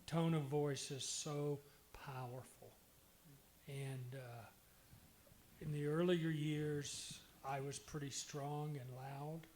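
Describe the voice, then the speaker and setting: Slow, earnest older man. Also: fairly high pitch, fairly even intonation, a little hiss or hum. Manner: slow, earnest, warmly self-deprecating. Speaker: retired pastor, panel guest. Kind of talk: recounting marriage stories.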